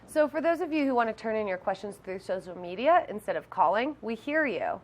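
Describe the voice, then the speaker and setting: A woman's voice: on the high side, very animated, fairly quick, a little hiss or hum. A woman who teaches math, hosting a live call-in homework help show in a friendly way with frequent ums.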